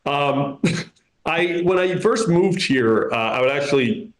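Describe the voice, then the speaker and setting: A man in his thirties working a comedy club stage, his voice sitting a touch high for a man. He delivers his stand-up in a dry, self-mocking way. The sound rings out in a roomy, echoing club. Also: lively intonation, takes it slowly. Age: 30s.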